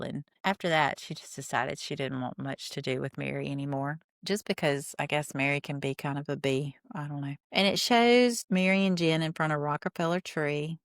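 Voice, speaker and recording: Gossipy woman podcaster, low and dry. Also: creaky, clear, resonant tone, no echo. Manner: chatty, gossipy commentary. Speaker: podcast host. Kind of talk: casual reality TV recap.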